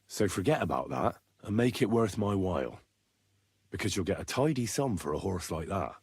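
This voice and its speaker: An actor playing a confident, shrewd young male adventurer in a video game, bargaining in a steady, self-assured way. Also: low voice, moderate pace, slightly rough, no room sound, studio quality, full character voice.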